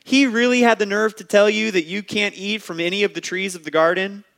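A man's voice: sits high, fairly even intonation, a little fast, fairly bright tone, pitched above the performer's own voice. A man voicing the tempter serpent as a sly, scoffing male figure in a sermon retelling. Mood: mock disbelief. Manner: incredulous, scoffing.

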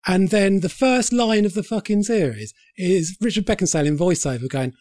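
A man's voice: sits high, brisk, a little mellow. A man co-hosting a casual film podcast, making dry, wry remarks. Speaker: podcast co-host.

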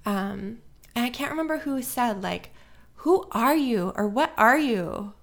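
A woman co-hosting a casual podcast tells a story loosely and chattily, with plenty of fillers and frequent swearing, as part of a movie review conversation. Her voice is on the high side and animated, at a measured pace.

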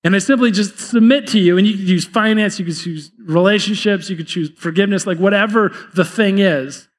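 In a church sanctuary, a pastor preaches a sermon in a conversational way, repeating words as he builds his points. His voice sits high and moves a little fast, with a big-room sound.

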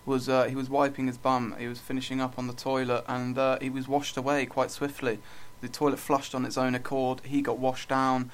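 Deadpan male podcast co-host who keeps stumbling over his words. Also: medium pitch. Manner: deadpan, stammering restarts. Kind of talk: absurdist comedy podcast chat.

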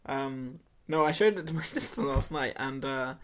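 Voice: medium pitch, moderate pace. A giggly co-host with a mid-range voice, telling stories in casual banter. Laughter keeps breaking into the talk. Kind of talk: casual comedic chat.

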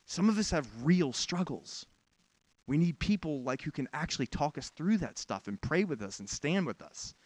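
A man's voice: a little high, expressive, normal speed, a little mellow, no echo. A pastor giving a sermon in a candid, conversational way, with frank asides to his congregation.

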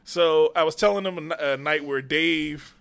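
A man hosting a comedy podcast in a loose, laughing way, with plenty of cursing. His voice sits a bit high and sounds bright and forward. He talks on a studio mic. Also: moderate pace, creaky. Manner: laughing storyteller, loose and profane. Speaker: podcast host. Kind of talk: casual comedy podcast banter.

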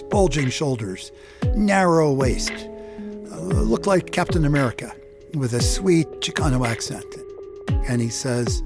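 Man, slow reflective storytelling, halting, music bed underneath. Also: mid-range voice. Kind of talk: personal storytelling.

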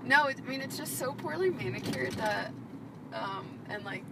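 A woman co-hosting a casual podcast, animated and playful, laughing and teasing as she talks. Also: a little high, normal speed, creaky. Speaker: podcast co-host. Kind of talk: casual chat. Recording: distant voice over loud road noise.

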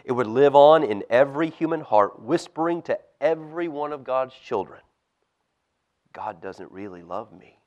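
A man, a pastor, reading a storybook aloud to children in church with expressive, animated storytelling. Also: medium pitch, moderate pace, highs cut off. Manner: expressive storytelling, lively swings in loudness.

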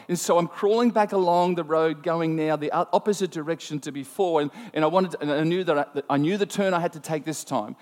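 A man preaching a sermon, telling a personal story in an animated, self-mocking way. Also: a little high, fast, few pauses. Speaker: pastor. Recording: long hall reverb.

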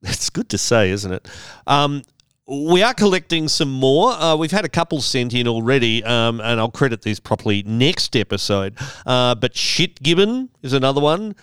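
A man's voice: mid-range voice, very animated, moderate pace, fairly bright tone, clear, resonant tone, dry recording, studio quality. A man hosting a solo podcast, talking in a chatty, wry way with rambling asides. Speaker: podcast host.

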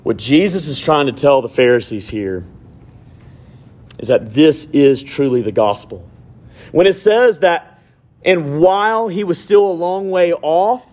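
A man preaching a sermon, moving between hushed prayer and emphatic, rising delivery. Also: a little high. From Alabama, USA. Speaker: pastor.

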